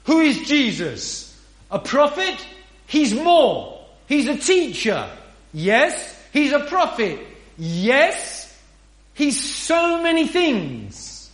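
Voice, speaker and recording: A man's voice: very high voice, wildly swooping pitch, very slow, fairly bright tone. A man preaching a sermon in an earnest, emphatic way, often asking rhetorical questions. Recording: roomy echo.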